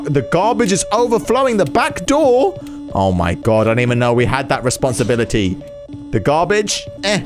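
A man giving casual gameplay commentary with exaggerated reactions, sarcasm and swearing. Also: high voice. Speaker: gaming channel host.

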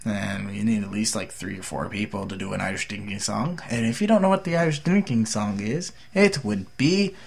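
A man's voice: fairly low pitch, normal speed, gravelly, hardly any pauses, husky. A tired young man from the United States rambling through a casual, jokey vlog update as a gaming YouTuber.

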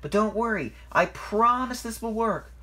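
Man voicing an excitable little tank engine. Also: sits high, moderate pace, voice pushed up. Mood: excited. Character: eager young male tank engine.

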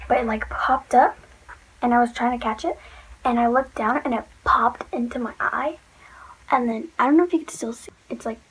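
A woman's voice: on the high side, a little hiss or hum, poor audio. Chatty teenage girl telling a story. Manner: chatty, rambling with many "like"s. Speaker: vlogger. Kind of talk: storytime vlog.

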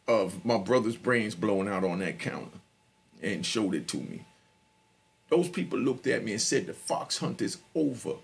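A middle-aged man with an extremely gravelly, raspy voice tells a personal story as a podcast guest. His pitch swings lively up and down as he talks straight to his listeners in an emphatic, streetwise way.

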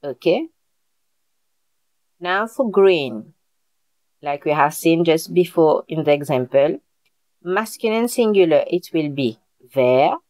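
With a low, slightly mellow voice and lively intonation, a woman whose native language is French teaches a live online beginner class over video call. She goes slowly with long pauses, repeats herself patiently and keeps asking "Okay?", with no room sound.

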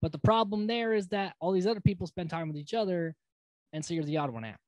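A man's voice: sits high, fast, a little mellow, dry recording. Casual male podcast host, dry sound. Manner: rambling and conversational, with frequent fillers and casual swearing. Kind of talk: casual reality TV recap.

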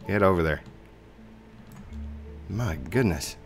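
A man casually commentating a video game he plays, goofing around with silly sound effects and sudden high yelps. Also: a little slow, pauses often, soft background music. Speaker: gaming YouTuber. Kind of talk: casual let's-play commentary.

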